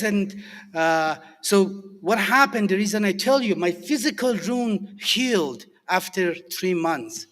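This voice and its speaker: A middle-aged man from Iran with a Persian accent, sharing his recovery story to a group, halting and earnest with many fillers and restarts. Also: on the high side, fairly bright tone. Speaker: recovery alumni speaker. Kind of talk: personal recovery share to a group. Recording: echoey hall with long reverb.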